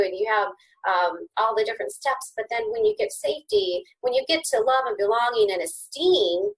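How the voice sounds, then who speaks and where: A middle-aged woman, a podcast guest, speaking conversationally and with animation, her pitch swooping high when excited and her words often restarting. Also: rough recording. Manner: frequent repeated word restarts. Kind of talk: conversational interview.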